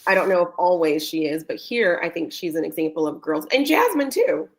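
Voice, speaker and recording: A woman co-hosting a casual reality TV recap as a guest, speaking in a measured, agreeable way. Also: lowish voice, very animated. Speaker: guest co-host.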